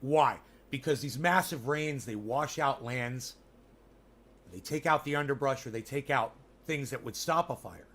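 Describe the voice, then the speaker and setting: A man with a mid-range, slightly bright voice talks at a measured pace to his audience from his mountain home. His vlog is chatty and casual, full of swearing, and aimed directly at the viewers.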